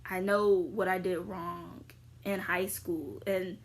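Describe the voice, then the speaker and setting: A young adult woman vlogger casually answering viewer questions, rambling with lots of fillers and jumping into sudden high squeals. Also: fairly even intonation, takes it slowly. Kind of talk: casual chat.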